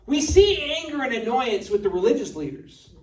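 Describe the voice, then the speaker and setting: A male pastor giving a sermon in a relaxed, conversational way, often putting rhetorical questions to his congregation. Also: extremely high pitch, a little fast. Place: church sanctuary. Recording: echoey church room, distant mic.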